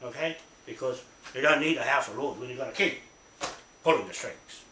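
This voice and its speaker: A man's voice: medium pitch, a little fast, pushed and bright. Angry, swearing New man in an echoey room. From New Zealand. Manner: angry, profane, repetitive, keeps asking "right?". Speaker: self-recorded complainant. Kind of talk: ranting self-made video. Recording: echoey room with faint noise.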